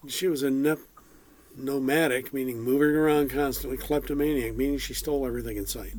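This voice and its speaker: A man's voice: medium pitch, steady tone, fairly quick, a little mellow, slight background noise. A man preaching a conversational sermon, folksy with casual asides.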